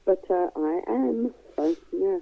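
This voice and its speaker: A middle-aged woman with a softened East London accent, a guest chatting frankly and laughing easily. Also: on the low side, lively intonation, takes it slowly, creaky, dry recording, phone-quality sound. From East London, England. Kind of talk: casual chat.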